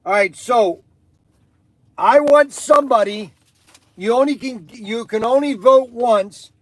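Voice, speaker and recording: A man hosting a live stream in casual chat, rambling and excitable with many fillers. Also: extremely high pitch, takes it slowly, no echo.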